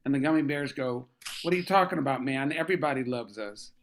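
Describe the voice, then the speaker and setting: A man telling improvised jokes over a video call in a laid-back, even way. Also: medium pitch, quick pace. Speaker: improv performer.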